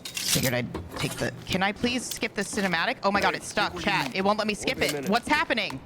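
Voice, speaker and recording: A speedrunner streaming a run, excitable and swearing, talking to themself and the chat. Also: medium pitch, normal speed, background noise. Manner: excitable, swears, talks to self. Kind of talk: live-streamed speedrun commentary.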